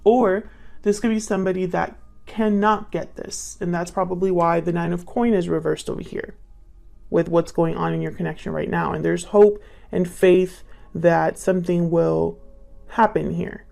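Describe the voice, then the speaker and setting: Gravelly-voiced woman reading tarot. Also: lowish voice, flat delivery, normal speed, warm tone, soft background music. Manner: thinks aloud, muttering questions to the cards. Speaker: tarot reader. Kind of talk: casual tarot reading to camera.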